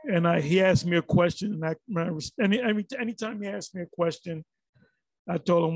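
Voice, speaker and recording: A man with a raspy, gravelly, somewhat high voice delivers loose, casual commentary. He rambles, restarts sentences and sounds exasperated. The sound is dry and close. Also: fairly quick, dry recording. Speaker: religious commentary vlogger.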